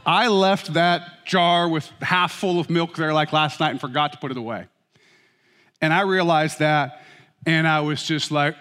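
Middle-aged guy preaching, kinda high bright voice, jokey storytelling, echoey big hall. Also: measured pace. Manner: humorous, animated storytelling. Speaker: pastor. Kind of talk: sermon. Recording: reverberant hall.

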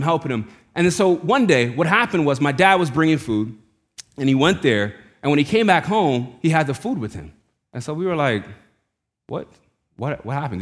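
A man preaching a sermon, telling a family story in a casual, conversational way and dropping his voice low and quiet when quoting people. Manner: conversational, casual slang, voice drops low and quiet for quoted lines. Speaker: pastor.

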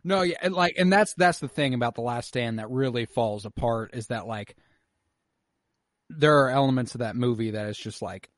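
A man's voice: medium pitch, moderate pace, no room sound. Enthusiastic man in dry close-up. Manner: enthusiastic, swears casually. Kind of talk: casual chat.

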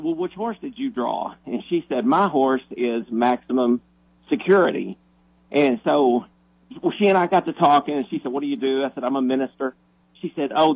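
A man who is a minister, telling a story on the radio in an animated, excitable way, often restarting his sentences. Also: mid-range voice, slightly rough, no room sound, rough recording.

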